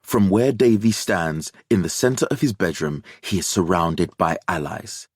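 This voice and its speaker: Male audiobook narrator, measured delivery, very deep, dry studio sound. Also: slightly rough, no room sound.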